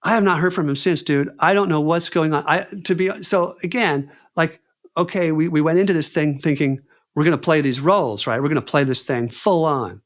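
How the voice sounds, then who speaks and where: A man with a slightly high voice tells a story fairly quickly on a podcast where he's a guest. He talks casually and animatedly, acts out what others said, and often says "dude" and "man."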